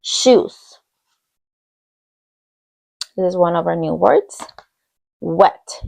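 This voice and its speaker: Woman, bilingual teacher, unhurried, gravelly tone, patient repetition for young kids. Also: on the low side, a little mellow. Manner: repeats each word in English and Spanish, encouraging. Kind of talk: slow bilingual classroom lesson for young children.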